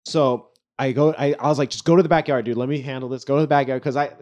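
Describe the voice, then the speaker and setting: A man's voice: medium pitch, quick pace, highs cut off. A young man casually telling a rowdy party story to friends, swearing, laughing and acting out what people said. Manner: animated, laughing, swearing, acts out quotes.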